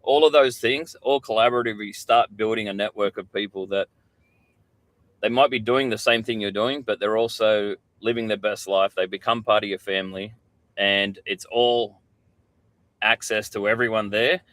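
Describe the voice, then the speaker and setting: A man's voice: lowish voice, steady tone, moderate pace, fairly bright tone, no room sound. A middle-aged Australian man, a podcast guest, telling candid stories in casual chat and swearing freely.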